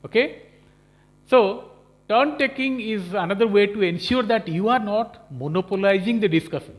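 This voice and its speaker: Man, high-pitched, lecture delivery, explanatory, keeps asking "okay?". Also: normal speed. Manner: explanatory, checks in with frequent "Okay?" and "you know". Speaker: professor lecturing on management skills. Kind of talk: recorded lecture.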